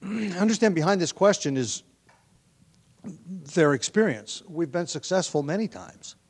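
A man's voice: high-pitched, animated, measured pace. Man giving a conversational Bible sermon. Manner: conversational, thinking aloud with many ums and restarts, clears throat often. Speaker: preacher. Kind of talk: sermon, verse-by-verse Bible teaching.

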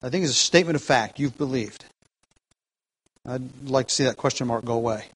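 A man's voice: medium pitch, fast, fairly bright tone, slightly rough, low-quality recording. A man preaching an expository sermon, earnest and emphatic, restarting phrases and shifting his pace.

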